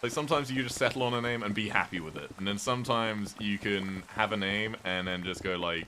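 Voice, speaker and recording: A British man with a notably deep voice, talking casually and meandering as he plays a game. He reads viewer messages out loud and chats back in a relaxed way. Faint rain noise sits under his voice. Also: moderate pace, hardly any pauses. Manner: rambling, chatty, reads viewer messages aloud. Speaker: streamer. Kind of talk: casual gameplay chat.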